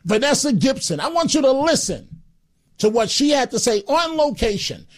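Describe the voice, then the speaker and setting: A man's voice: extremely high pitch, very animated, normal speed. A man hosting a talk radio show, blunt and scornful as he takes calls.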